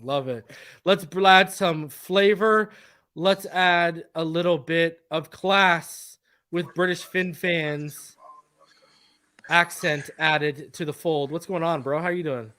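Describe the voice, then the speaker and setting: A man's voice: a little high, takes it slowly, bright, forceful tone, clean tone. A man hosting a live post-game fan stream, talking in a hyped, crowing way. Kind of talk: live sports fan show chat.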